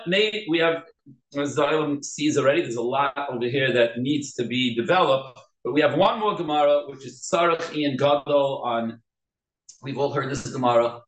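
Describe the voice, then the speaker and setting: A man teaching a Talmud class, animated and quick, with many restarts. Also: medium pitch. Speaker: Torah teacher. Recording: echoey room.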